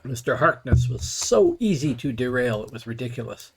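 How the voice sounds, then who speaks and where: A middle-aged man chats at a medium pitch as he plays, drifting from one dry anecdote to the next. He sounds relaxed and conversational, a streamer talking to his viewers while he plays. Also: moderate pace, slightly rough. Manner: rambling, wry storytelling. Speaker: gaming streamer. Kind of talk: casual commentary while playing.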